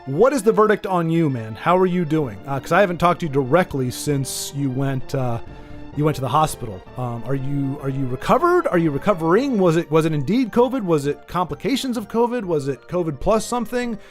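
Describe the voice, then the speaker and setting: A man with a fairly high voice hosts a casual livestream, rambling, joking and talking straight to his viewers by name. Faint game music plays behind him. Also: animated, fairly quick. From United States.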